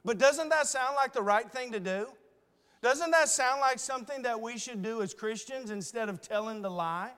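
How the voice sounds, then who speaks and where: A preacher with a high, smooth voice, talking through his sermon in a conversational way and asking his listeners rhetorical questions. His voice rings with the long reverb of a large sanctuary. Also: normal speed, a bit bright.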